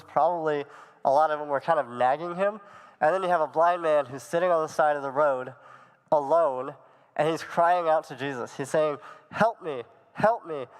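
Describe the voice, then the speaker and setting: A man's voice: fairly high pitch, clear, resonant tone, big-room sound, low-quality recording. A young man giving a conversational sermon to students, telling Bible stories in plain words with casual fillers. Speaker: youth pastor.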